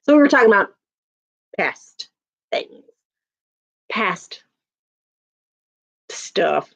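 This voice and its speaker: A woman's voice: medium pitch, sing-song, very slow, gravelly, a bit bright. A woman in her thirties chatting casually on a live stream, laughing often and answering viewer comments.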